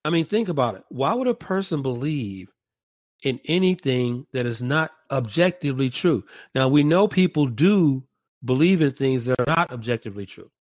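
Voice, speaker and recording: A man leading a reflective podcast discussion, speaking deliberately and restating his points in several ways. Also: mid-range voice, lively intonation, a little mellow, no room sound.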